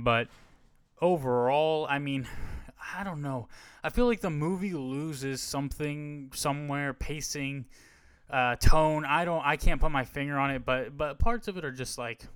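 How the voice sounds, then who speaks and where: A man's voice: mid-range voice, fairly bright tone, smooth, no echo. A man hosting a podcast, giving a casual, rambling and frank movie review on a close mic. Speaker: podcast host.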